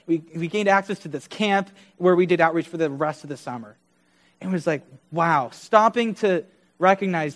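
A man's voice: on the high side, normal speed, fairly bright tone. A young man preaching a sermon, earnestly telling personal stories with quoted dialogue.

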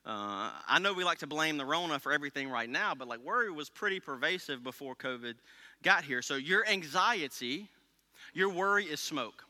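Male pastor, very bright tense voice, casual storytelling sermon, long hall reverb. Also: on the high side, expressive, moderate pace. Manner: casual, storytelling, frequent "okay?" asides. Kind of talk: conversational sermon.

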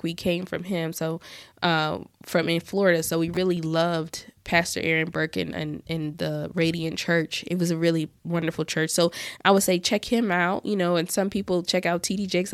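A young woman talks straight to her listeners in an earnest, heartfelt podcast chat about faith. Her voice sits a little low for a woman, and she often restarts and trails into asides. The sound is dry and close to the mic, with no room around it. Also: level tone, moderate pace, smooth, no echo. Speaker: podcast host. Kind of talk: casual faith talk to listeners.

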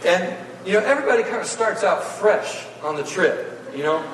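A man preaches with folksy, animated storytelling, his voice a little on the high side. He is heard from some distance in a large hall with long reverb, and faint ambient sound sits underneath. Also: moderate pace, slight background noise. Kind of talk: sermon storytelling. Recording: echoey hall, voice from afar.

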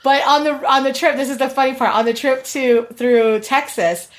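A woman's voice: high voice, normal speed. Laughing woman telling road trip stories. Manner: laughing storyteller. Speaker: podcast guest. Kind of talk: casual chat.

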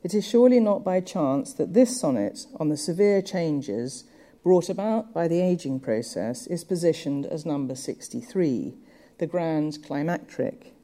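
A woman giving a measured, thoughtful lecture on poetry, with occasional fillers. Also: low-pitched, dark tone. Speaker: literature lecturer.

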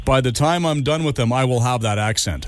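A man hosting a radio show, chatting casually and jokingly with a guest, with quick rambling restarts. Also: mid-range voice, slight background noise.

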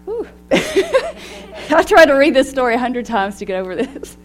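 A middle-aged woman delivers a devotional talk to a room of women, personal and animated, breaking into laughter as she goes. Her voice sits high. A faint hum runs under the recording. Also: unhurried. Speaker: women's ministry speaker.

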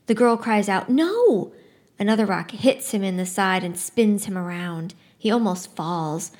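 A woman giving a casual book talk, summing up a story in a chatty way and then reading a passage aloud with expression. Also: mid-range voice. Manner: chatty, relaxed, frequent "like" quotes; expressive first-person reading.

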